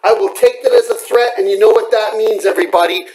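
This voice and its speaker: Angry home vlogger, male, very high pitched, cracking voice, profane threatening rant. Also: quick pace, a little mellow, poor audio. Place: home at night.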